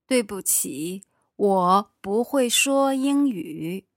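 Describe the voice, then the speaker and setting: A woman playing a friendly female conference visitor in a calm practice dialogue. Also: medium pitch, drawn-out words, dry recording, studio quality.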